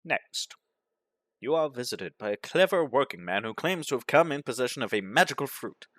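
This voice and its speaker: A man narrating a game playthrough, reading its events aloud in a deadpan manner. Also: mid-range voice, moderate pace, no room sound. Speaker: gaming commentator.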